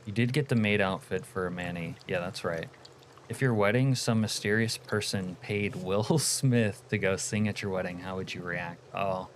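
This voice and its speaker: A man's voice: low voice, normal speed, few pauses, a little hiss or hum. A young man streaming a game, chatting casually and rambling through answers to his chat. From United States. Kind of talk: casual livestream chat while gaming.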